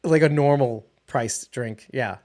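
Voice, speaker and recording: A man co-hosting a relaxed conversation about a television series. He talks in an animated, playful way and laughs often. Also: mid-range voice, takes it slowly. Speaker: podcast co-host. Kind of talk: casual chat about a TV show.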